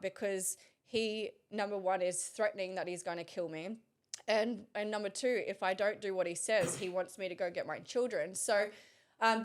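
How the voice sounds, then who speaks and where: A woman, recounting a personal story as an interview guest, halting with frequent pauses and restarts. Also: fairly low pitch.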